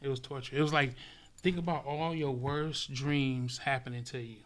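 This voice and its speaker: This guest on a podcast is a man spinning a colorful, foul-mouthed yarn, mimicking sounds as he swings from loud outbursts to quiet murmurs. His pitch is medium, his intonation fairly even and his pace normal, while the background is noisy.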